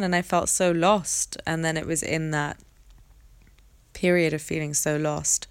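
A young adult woman hosting a podcast, telling a personal story in a candid, reflective way with hesitant pauses. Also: low voice, little pitch movement, clear, resonant tone, dry recording. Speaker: podcast host.

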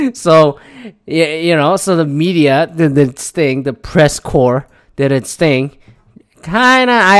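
A man talking in a loose, opinionated monologue, swearing freely and rambling from point to point. He laughs often and slips in mocking asides, his voice sitting at an ordinary mid-range pitch. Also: clear, resonant tone.

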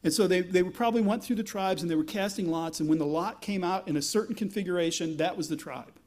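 A male pastor giving a conversational sermon, explaining scripture with wry asides and lively emphasis when reading aloud. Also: high-pitched, fast talker.

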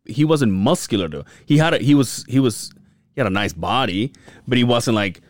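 Podcast bro telling crude stories, voice jumps all over, laughs a lot, super dry close mic. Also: male voice, mid-range voice, moderate pace, no room sound. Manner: animated, laughing, acts out stories. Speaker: podcast co-host. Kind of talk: casual crude banter.

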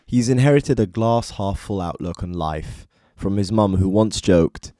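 A man with a very deep, dark voice narrates a biography from a script. He is measured and speaks straight to the listener, and the recording is close and dry. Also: lively intonation, dry recording. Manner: measured, addresses listener directly. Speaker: documentary narrator.

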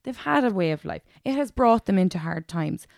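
A young woman co-hosting a casual podcast, telling an animated, sweary story. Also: mid-range voice, brisk, vocal fry, no echo, studio quality. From Ireland. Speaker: podcast co-host. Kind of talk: casual chat.

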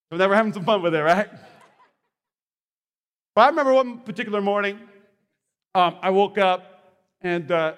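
A man with a strikingly high voice preaches a sermon, spinning animated stories and stumbling over repeated words as he restarts. His voice rings out with a long reverb from the hall around him. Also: brisk, pauses often, smooth. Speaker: pastor.

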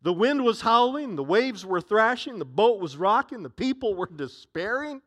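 A man preaching a sermon as a pastor, animated and dramatic, swinging from loud outbursts to hushed tones. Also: high voice.

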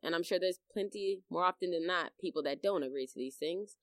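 Animated woman telling a story. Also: lowish voice, a little fast, dry recording. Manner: animated storyteller, acts out her own reactions loudly, laughs often. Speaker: podcast co-host. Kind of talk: casual chat and storytelling.

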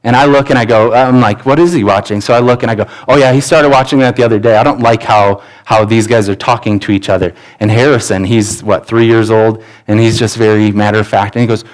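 A man's voice: on the low side, fairly even intonation, quick pace, hardly any pauses, poor audio. A man in his thirties, a pastor, preaching a sermon in an earnest, conversational way with frequent restarts. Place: church sanctuary.

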